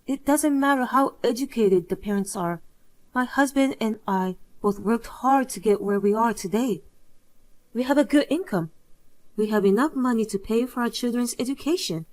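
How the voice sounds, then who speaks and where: A woman's voice, probably synthetic, reading the lines of a calm, firm young mother in a drama story. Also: fairly high pitch, natural voice. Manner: firm, measured.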